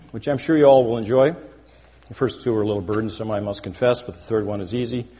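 A man preaching a satirical sermon as a pastor, mock-pompous and deadpan self-important, speaking to a congregation in a church sanctuary. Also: medium pitch. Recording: long hall reverb.

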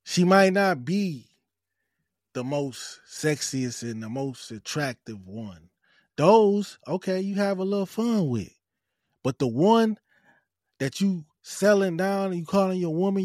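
A man hosts a podcast and gives blunt, preachy advice, hammering his points home by repeating them and swearing freely. His voice sits a little higher than most men's, and the sound is close and dry with no room echo. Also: a little mellow. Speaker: podcast host. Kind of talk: casual advice monologue.

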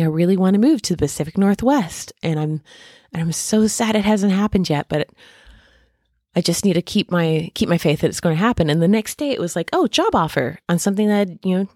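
A woman's voice: on the low side, darkish tone, no echo, clean studio sound. A woman in her thirties talking casually and at length about hope and faith, rambling with many fillers and restarts. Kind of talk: casual reflective monologue.

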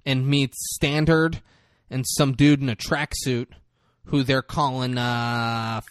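A man's voice: mid-range voice, flat delivery, takes it slowly, no echo, studio quality. A man co-hosting a podcast, casually and profanely retelling a film's plot and slipping into voices for its characters. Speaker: podcast co-host recapping a movie. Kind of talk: casual chat.

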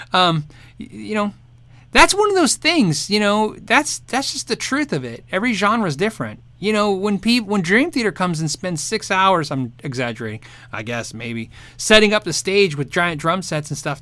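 A man hosting a casual livestream, reading viewer questions and answering with lively, rambling chatter and frequent laughs. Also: high-pitched, no room sound. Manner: animated, laughs often, rambling restarts.

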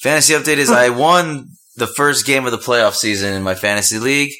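A man's voice: medium pitch, fairly quick, pushed and bright. A man co-hosting a podcast in casual chat, a little under the weather and nasal, playful and prone to sing-song bits. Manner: silly, breaks into sing-song jingles. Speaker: podcast co-host.

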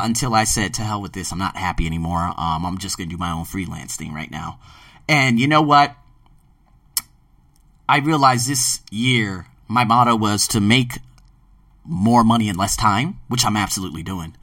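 A man's voice: lowish voice, bright, forceful tone, no echo, distant mic. A man from Philadelphia, hosting a podcast in an emphatic, casual monologue that carries some swearing. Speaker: podcast host and ESL teacher.

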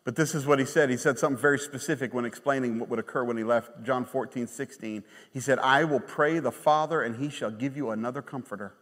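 A man pastor preaching a sermon, emphatic and animated, with sudden quiet drops. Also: medium pitch, quick pace, few pauses. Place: church sanctuary. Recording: long church reverb.

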